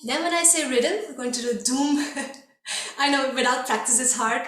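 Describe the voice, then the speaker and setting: During an online dance workshop, a woman with a fairly high voice and moderate pace encourages her students and calls out drum sounds in time with the music. The room is echoey, with loud music playing throughout.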